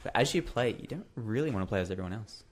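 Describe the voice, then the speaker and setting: A man's voice: lowish voice, expressive, fast talker. A man co-hosting a podcast in casual chat, talking with many fillers and repeated words. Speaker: podcast co-host.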